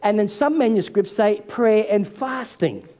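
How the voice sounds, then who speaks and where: A man, senior pastor, preaching a sermon in an animated way and acting out the voices of figures from scripture. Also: high-pitched, unhurried. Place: church hall. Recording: long hall reverb.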